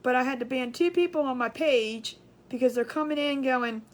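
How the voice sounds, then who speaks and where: Chatty high-voiced woman livestreaming. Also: expressive. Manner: chatty, rambling, retells conversations, greets viewers in drawn-out sing-song. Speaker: livestream crafts host. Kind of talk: casual livestream chat.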